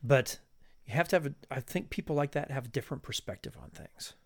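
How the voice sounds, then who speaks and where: A man's voice: medium pitch, brisk. A middle-aged man, a podcast guest, speaking in a reflective, philosophical way and thinking aloud. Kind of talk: casual conversation.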